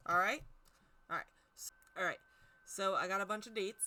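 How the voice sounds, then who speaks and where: A woman's voice: mid-range voice, moderate pace, pushed and bright. A woman giving a casual, chatty history talk on tarot, stumbling over hard names and poking fun at herself. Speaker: tarot teacher.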